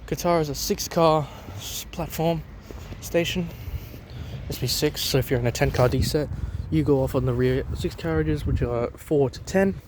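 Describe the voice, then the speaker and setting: A young Australian man films himself on an open station platform, rambling between fillers and restarts. His voice sits a little high for a man. Faint outdoor noise is under his phone recording. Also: normal speed. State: talking with a lozenge in his mouth. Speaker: trainspotting vlogger. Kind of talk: casual walking commentary.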